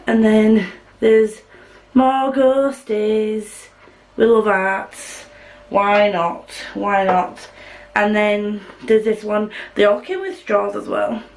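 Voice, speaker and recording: A woman's voice: mid-range voice, takes it slowly, a little mellow, poor audio. A woman from the north of England with a Yorkshire accent, chatting casually to camera at home in a rambling, self-deprecating way. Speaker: vlogger. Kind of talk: casual chat.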